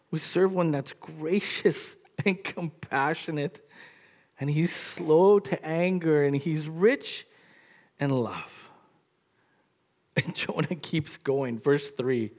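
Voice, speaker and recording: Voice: medium pitch, slow, a little mellow. A pastor preaching a sermon in a casual, conversational way, with many "like" fillers and restarts.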